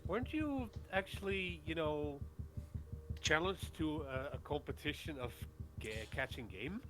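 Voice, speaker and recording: A man chatting as a player at a tabletop game, asking lively, joking questions. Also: on the high side, a little slow. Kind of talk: casual chat between players. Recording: clear background noise on voice chat.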